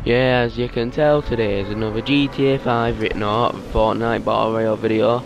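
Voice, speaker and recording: A man's voice: on the low side, fairly even intonation, fairly quick, creaky, background noise. A man giving casual, rambling gameplay commentary, half asleep and easily startled. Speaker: gaming YouTuber.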